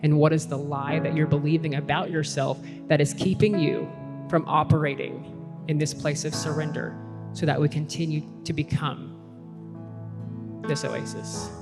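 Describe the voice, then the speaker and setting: A man's voice: a little high, steady tone, moderate pace, creaky. A man giving an earnest sermon at a leadership event, repeating his invitations as the talk builds. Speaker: conference speaker. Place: large hall with a worship team. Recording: long hall reverb, faint music behind.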